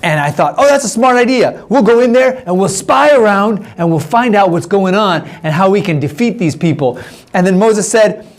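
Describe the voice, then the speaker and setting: A man's voice: high-pitched, lively intonation, normal speed. A man voicing a bitter, complaining male Israelite spy in a children's church story, speaking straight to the kids. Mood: upset.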